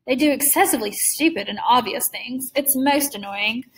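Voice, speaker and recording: A woman's voice: fairly high pitch, moderate pace, natural voice. A woman reading aloud voices a suave, menacing older male general with polished, amused courtesy. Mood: smooth.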